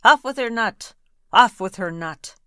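A woman's voice: medium pitch, animated, unhurried, smooth, no room sound, clean studio sound, voice pushed up. A woman voicing a bossy, hot-tempered young prince who roars orders in rhyme. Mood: furious. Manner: shouting, imperious.

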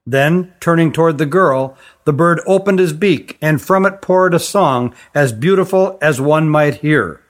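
A man's voice: fairly high pitch, measured pace, few pauses. Male audiobook narrator with a raised voice.

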